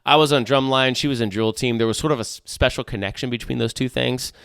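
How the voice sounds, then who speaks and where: A man's voice: mid-range voice, quick pace, creaky, a bit bright, clear, resonant tone, no room sound. A middle-aged man hosting his own podcast, chatting casually with lots of jokey asides and restarts, close on the mic. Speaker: podcast host. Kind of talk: solo casual podcast chat.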